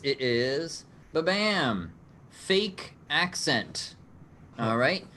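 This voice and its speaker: A man's voice: mid-range voice, fairly bright tone, a little hiss or hum. A man hosting an online improv game over a video call, explaining the rules in an upbeat way and laughing often. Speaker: game show host.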